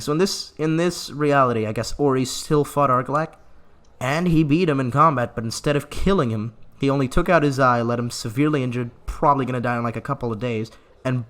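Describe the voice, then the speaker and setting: A man in the middle of his vocal range talks his viewers through a strategy game session, loose and jokey. He leans on sarcasm and stretches out words in mock mourning, with a playful, offhand edge throughout. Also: medium pitch. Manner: joking, sarcastic, with drawn-out mock grief. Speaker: gaming channel host. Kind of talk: let's play commentary.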